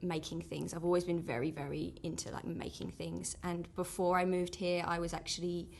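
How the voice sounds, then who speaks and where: A woman's voice: lowish voice, little pitch movement, normal speed, gravelly, darkish tone, slight background noise. A woman in her thirties from England with an Essex accent, chatting casually as a guest in an interview. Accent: Essex English. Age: 30s.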